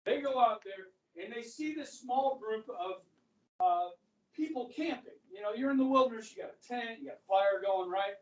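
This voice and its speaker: A man's voice: very high-pitched, normal speed, dull audio. A man with an American accent, teaching a history class in a chatty storytelling way, often checking in with "okay?". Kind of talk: classroom lecture. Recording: echoey classroom from far off.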